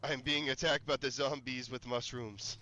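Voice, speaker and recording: A man's voice: mid-range voice, steady tone, moderate pace, pushed and bright, a little hiss or hum, low-quality recording. A man streaming a game, chatting casually and rambling, breaking into laughter and startled yelps. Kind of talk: casual gameplay commentary.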